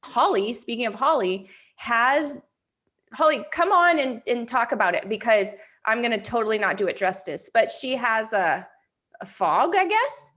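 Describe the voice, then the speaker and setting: A woman's voice: a little high, animated, normal speed, a bit bright. A woman from New Hampshire co-hosting a moms' group update, chatting casually and telling stories animatedly with lots of "like". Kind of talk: casual chat.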